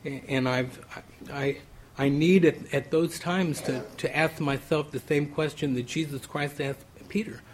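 A man preaching a sermon in a relaxed, conversational way, often restarting phrases. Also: a little high, unhurried, slight background noise. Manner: conversational, many restarts and "you know".

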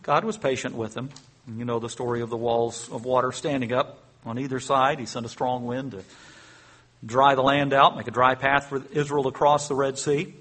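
A man preaching a sermon, reading scripture aloud and dramatizing it with rising excitement, chuckling often and adding conversational asides. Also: mid-range voice, moderate pace. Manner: conversational, asides with fillers and self-corrections. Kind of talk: sermon, Bible teaching.

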